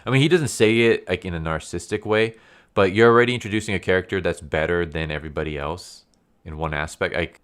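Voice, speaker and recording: A man's voice: rumbling low, fast talker, fairly bright tone, clear, resonant tone. A man giving a blunt, profane, casual review of a comic book, getting heated as he talks.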